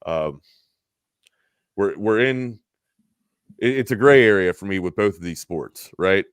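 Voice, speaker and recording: Man, low pitch, smooth voice, casual sports talk, rambling, dry sound. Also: animated, a little slow, no echo. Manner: rambling, restarts a lot, thinks aloud. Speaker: co-host of a sports talk stream.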